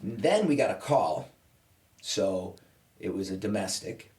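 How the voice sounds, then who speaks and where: A man's voice: deep voice, takes it slowly. A man telling a story in casual podcast chat, acting out the people he quotes. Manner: animated storyteller who acts out quoted people. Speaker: podcast guest.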